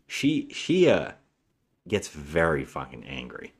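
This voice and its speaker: A deep-voiced man chatting on a movie podcast, retelling a plot with lively swings in his pitch as he acts out each character. His talk is casual, with lots of "and he's like" before the quoted lines. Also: takes it slowly, breathy edge. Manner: animated retelling with acted-out dialogue. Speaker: co-host of a bad-movie podcast.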